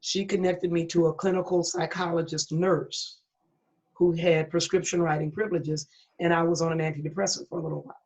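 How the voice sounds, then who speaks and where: On a dull lo-fi recording, a middle-aged woman pastor speaks briskly in a low, slightly mellow voice with fairly even intonation. As an interview guest, she relates her own story candidly and earnestly, with a preacher's emphasis.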